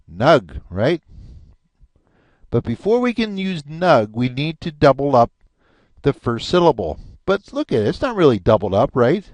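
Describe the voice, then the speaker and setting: Patient, lively male language teacher. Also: fairly high pitch, no echo. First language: English. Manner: patient, repeats each word slowly, chatty asides. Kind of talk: recorded language lesson.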